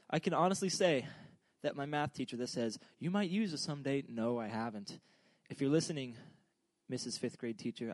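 Joking, rambling young preacher. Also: male voice, mid-range voice, a little mellow, no room sound. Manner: joking, rambling, self-deprecating. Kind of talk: humorous casual sermon.

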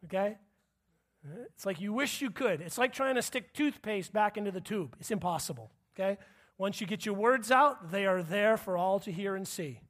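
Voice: mid-range voice, expressive, normal speed, fairly bright tone. A preacher giving a conversational sermon, often checking in with the listeners and acting out what people say. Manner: conversational, checks in with the audience, acts out quotes.

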